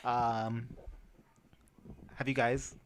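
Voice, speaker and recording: A man's voice: medium pitch, very slow. Rambling young man, faint hiss. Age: young adult. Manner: rambling, animated, many "like" fillers. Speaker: podcast host. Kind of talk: casual chat.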